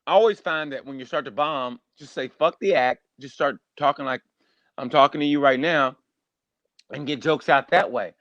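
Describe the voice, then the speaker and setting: A man, a stand-up comedian, telling stories in a rambling, animated way during a casual podcast chat. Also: a little high, moderate pace, no echo, dull audio. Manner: animated, rambling storyteller, acts out voices.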